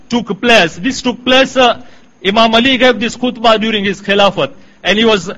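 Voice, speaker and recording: A middle-aged man preaching a sermon in a measured, emphatic way, quoting Arabic passages. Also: high voice, fairly bright tone, low-quality recording.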